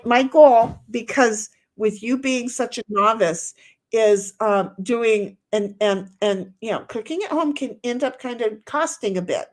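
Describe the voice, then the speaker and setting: A woman hosting a livestream, reading chat aloud in a rambling, chatty way with many fillers. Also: on the high side.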